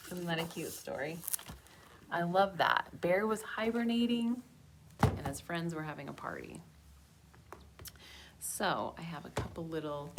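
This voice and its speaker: A young woman librarian reads a rhyming picture book to children at an unhurried pace. Her voice sits on the low side, and she keeps it lively and playful, turning to the kids with little questions. Faint room hum sits under her voice. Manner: slow, animated read-aloud with asides to kids. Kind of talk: children's storytime reading.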